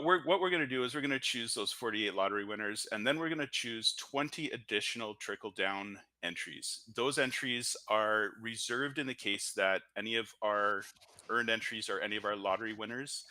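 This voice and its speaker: Canadian man, host, chatty, joking, fillers, low pitch, punchy tone. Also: moderate pace, sharp tone, no echo. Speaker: host of a live-streamed lottery draw. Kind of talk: upbeat live-stream commentary. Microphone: audio-only stream mic.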